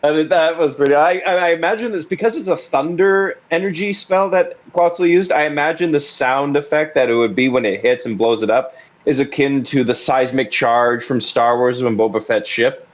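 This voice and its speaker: A man's voice: on the high side, moderate pace. A man playing a tabletop game, talking casually and eagerly with stammered restarts. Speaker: player.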